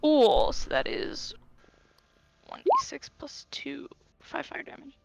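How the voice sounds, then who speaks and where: A woman's voice: sits high, very animated, slow pace, vocal fry, dull audio. A woman playing in a tabletop game, chatty and narrating her character's actions. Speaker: player.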